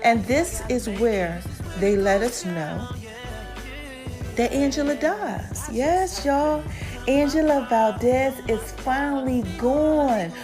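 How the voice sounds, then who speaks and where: A woman podcast host, recapping a TV episode in an animated, chatty way, calling her listeners y'all and acting out the characters' lines. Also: sits high, takes it slowly, over music. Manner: animated, addresses listeners as y'all, acts out quotes.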